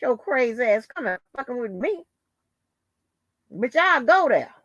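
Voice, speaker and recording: A woman's voice: a little high, very animated, measured pace, a bit bright, no room sound, lo-fi sound. A woman hosting her own channel, delivering a heated, profanity-laden rant full of taunts and insults. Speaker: channel host. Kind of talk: angry profane rant to the camera.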